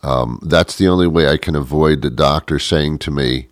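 Deadpan middle-aged guy rambling and poking fun at himself, super low voice, dry close mic. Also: moderate pace, hardly any pauses, no room sound. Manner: deadpan, rambling, self-mocking. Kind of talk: comic monologue.

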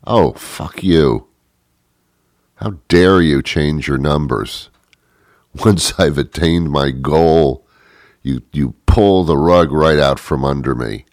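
A middle-aged man delivering a rambling, deadpan, self-mocking comic monologue. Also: very deep voice, slow pace, dry recording, studio quality.

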